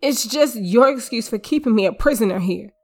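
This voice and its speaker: A woman's voice: a little high, animated, a little fast, darkish tone, pitched above the performer's own voice. A woman voicing a desperate captive wife who pleads and argues in a raised, strained voice. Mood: denying.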